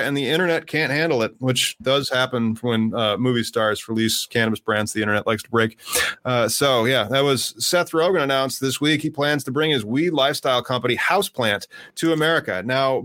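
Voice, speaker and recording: A man's voice: medium pitch, fairly bright tone, no room sound. A man co-hosting a casual podcast, rambling with lots of fillers and restarts, recorded remotely. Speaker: podcast co-host. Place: home, remote via streaming service.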